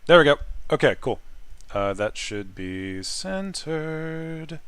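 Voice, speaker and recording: A man streaming a video game, chatting casually and swinging between loud outbursts and quiet muttering. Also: on the high side, big pitch swings, slow, clear, resonant tone, dry recording. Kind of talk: casual gaming stream chat.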